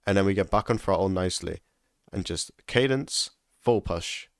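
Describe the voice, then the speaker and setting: A man's voice: low voice, moderate pace, no room sound, clean studio sound. A man giving casual instructional commentary over a sim racing lap, repeating key tips for emphasis.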